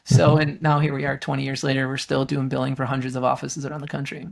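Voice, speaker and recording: A man's voice: medium pitch, monotone, fast talker, vocal fry. A middle-aged man, a guest coach on a business podcast, telling stories animatedly and acting out the people he quotes in a raised voice. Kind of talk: storytelling in a podcast interview.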